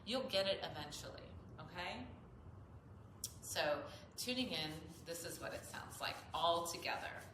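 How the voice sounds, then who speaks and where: Woman yoga teacher, slow and patient, explaining chants, echoey room with hiss. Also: fairly low pitch, expressive. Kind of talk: instructional talk with chanting demonstration.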